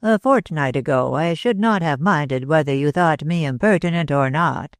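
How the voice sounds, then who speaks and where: A man voicing a talkative older man with an American accent, speaking slowly and dryly in a drawl. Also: a little high, dry recording, lightly acted. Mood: cool. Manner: drawling, slow and dry.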